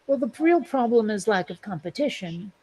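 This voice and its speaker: A woman's voice: mid-range voice, expressive, normal speed, mellow, low-quality recording. A woman in casual podcast chat, blunt and opinionated, swearing for emphasis. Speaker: podcast panelist.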